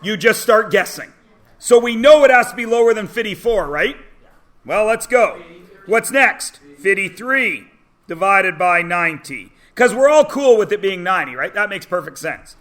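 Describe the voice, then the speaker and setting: With a lively, high, bright and forceful voice, a man teaches math to a room of students. He keeps things chatty, teasing them, asking rhetorical questions, and checking in often with short questions.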